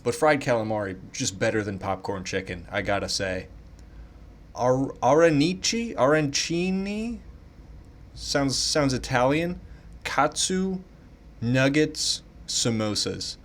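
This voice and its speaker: A man taking online quizzes in casual commentary, thinking out loud, swearing freely and playing up mock indignation. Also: lowish voice, expressive, unhurried.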